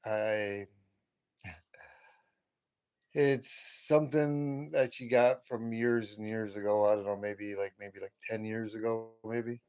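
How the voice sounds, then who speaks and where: A man's voice: fairly low pitch, fairly even intonation, slow pace, a little mellow, clean tone. A middle-aged man hosting a casual live stream from home, chatting in a folksy way and calling viewers brother.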